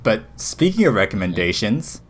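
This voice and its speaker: A man co-hosting a podcast in casual chat. He talks excitably and rambles, with frequent restarts. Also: fairly low pitch, normal speed. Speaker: podcast co-host.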